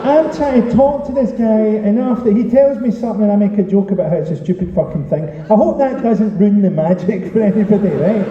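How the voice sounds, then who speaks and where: A man's voice: sits high, fairly quick, hardly any pauses. A man doing a stand-up comedy set on stage, sweary and sardonic, teasing the crowd. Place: live comedy venue on stage. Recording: roomy, distant, lo-fi live recording with crowd noise. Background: audience laughter and chatter.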